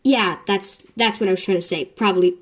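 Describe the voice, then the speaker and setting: A woman's voice: medium pitch, steady tone, fairly quick. A young woman vlogger chatting casually about books. She rambles with self-deprecating jokes. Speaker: book vlogger. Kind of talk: casual chat.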